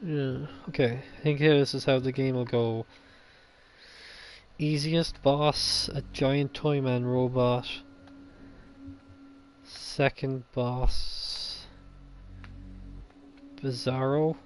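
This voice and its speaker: A man's voice: medium pitch, fairly even intonation, very slow, pauses often, a little hiss or hum. A man chatting casually about his game ideas, rambling and thinking aloud, restarting sentences as he goes. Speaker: video game fan vlogger.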